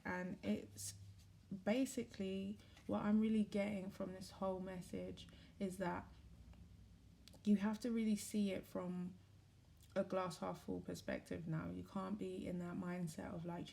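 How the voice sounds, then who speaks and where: A woman giving a casual, rambling spiritual talk to camera, candid and quick to correct herself, with the odd swear. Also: fairly low pitch, little pitch movement, creaky, dark tone, a little hiss or hum. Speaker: spiritual reader and vlogger.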